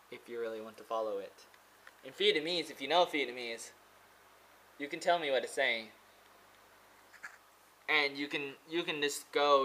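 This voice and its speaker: A man's voice: medium pitch, bright, forceful tone, poor audio. A man vlogging from a pagoda in a rambling, casual monologue. He hesitates often, with many fillers and restarts.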